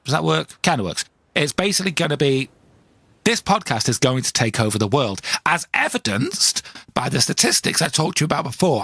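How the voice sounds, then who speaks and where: A self-mocking man rants through a comic podcast monologue on a close mic. His pitch swings all over the place, the sound is dry and intimate, and the delivery stays wry throughout. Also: fairly quick, vocal fry, husky, no echo. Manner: ranting, self-mocking, lively. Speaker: podcast host. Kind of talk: comedic monologue.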